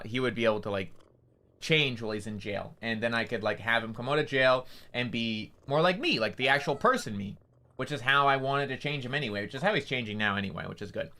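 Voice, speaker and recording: A man's voice: fairly low pitch, bright, forceful tone. A man casually recounting a game story on his stream, rambling and swearing with lots of fillers.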